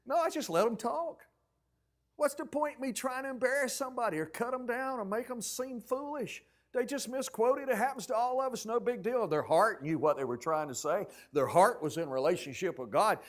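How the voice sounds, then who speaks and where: A man preaching a sermon as pastor, telling stories with acted-out quotes and swinging from loud outbursts to near-whispers. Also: sits high, moderate pace. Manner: animated storytelling preacher, acting out quotes loudly then dropping to a hush.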